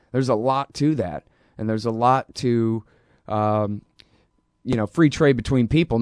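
A man's voice: medium pitch, a little mellow, no room sound, studio quality. A man hosting a political talk show, talking in a casual, rambling and sarcastic way. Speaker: radio show host.

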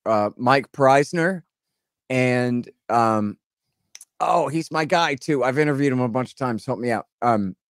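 A middle-aged man co-hosting a political podcast, his voice mid-pitched and dry, with no room sound around it. He rambles and talks sarcastically, slipping into mocking put-on quotes as he retells what happened. He is casual and loose, restarting his thoughts as he goes. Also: measured pace, no room sound. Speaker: podcast co-host.

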